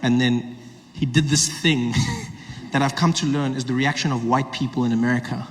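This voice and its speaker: A man performing stand-up comedy, telling a story in an animated way and acting out both sides of it. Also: mid-range voice, moderate pace. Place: large comedy venue. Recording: echoey live venue with loud crowd noise. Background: audience laughter.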